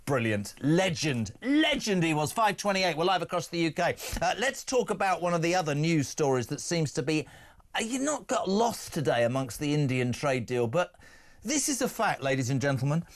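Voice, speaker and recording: Brash high-voiced male radio host. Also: very animated. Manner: brash, jokey, fast-shifting. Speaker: radio talk show host. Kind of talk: live talk radio presenting.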